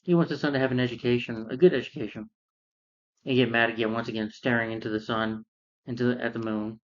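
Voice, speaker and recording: A man's voice: medium pitch, fairly even intonation, fast talker, dull audio. A man retelling a film's plot in a casual, rambling way, full of fillers and restarts. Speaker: film reviewer.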